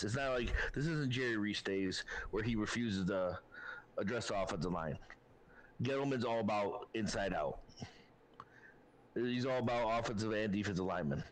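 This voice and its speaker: A man co-hosting a sports podcast, talking things through calmly with fillers and restarts. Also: medium pitch, a little hiss or hum, low-quality recording. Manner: calm, reasoning, many fillers and restarts. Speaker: podcast co-host.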